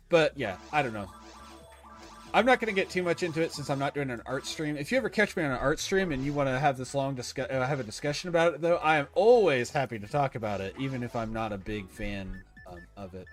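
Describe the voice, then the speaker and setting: A man streaming a game live, chatting casually with viewers, rambling and correcting himself as he goes. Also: on the high side. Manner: rambling, self-correcting, opinionated. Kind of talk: casual livestream chat.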